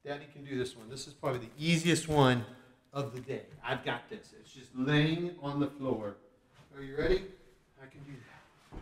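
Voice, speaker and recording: Goofy dad reading a kids' yoga story. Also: male voice, mid-range voice, normal speed, far from the mic. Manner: goofy, groaning and joking while doing the poses. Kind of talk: playful storytime with exercises. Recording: roomy echo, voice a bit off-mic.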